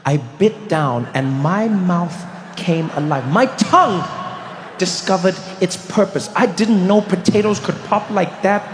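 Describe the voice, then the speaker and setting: A man's voice: sits high, unhurried. Man telling stand-up stories. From South Africa. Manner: animated storytelling, bursts into loud shouts. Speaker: stand-up comedian. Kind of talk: stand-up comedy. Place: large theater stage. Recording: reverberant hall, faint noise.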